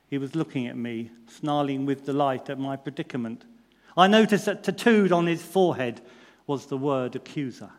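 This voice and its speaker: A man reads a first-person story aloud in an earnest, expressive way. His voice sits somewhat high for a man, and a long hall reverb trails each phrase.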